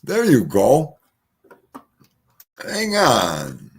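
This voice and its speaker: An older man hosting a livestream in casual, rambling, profane chat, his volume swinging from mutters to shouts. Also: mid-range voice, lively intonation, slow pace, vocal fry, pauses often, husky. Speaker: livestream host.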